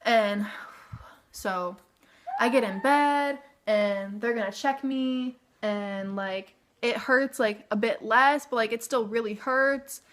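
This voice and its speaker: Young woman vlogger, bright tone, casual filler-heavy storytelling. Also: fairly high pitch, takes it slowly, slight background noise. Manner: chatty, filler-heavy "like", animated retelling.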